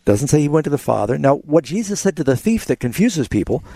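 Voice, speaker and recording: A man's voice: on the high side, sing-song, quick pace, creaky, mellow, no echo. A man hosting a call-in Bible radio program, earnestly explaining scripture to callers. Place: radio studio.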